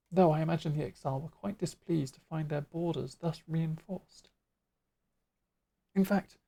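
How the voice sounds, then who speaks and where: A woman's voice: low voice, vocal fry, warm tone, pitched below the performer's own voice, exaggerated voice. A woman voicing a tired human military commander who speaks in formal, old-fashioned phrasing while reading game dialogue. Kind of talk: game dialogue read aloud.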